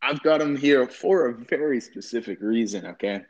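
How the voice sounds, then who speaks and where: A man's voice: mid-range voice, normal speed, noisy background. A man hosting a casual comedy podcast, hesitant and giggly, leaning on fillers. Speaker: podcast host. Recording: dull lo-fi recording.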